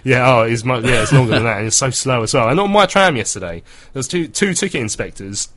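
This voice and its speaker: A man's voice: medium pitch, animated, fast talker, a bit bright. A man in his thirties hosting a casual football chat, chatty and laughing often as he reads out listener messages. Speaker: football podcast host.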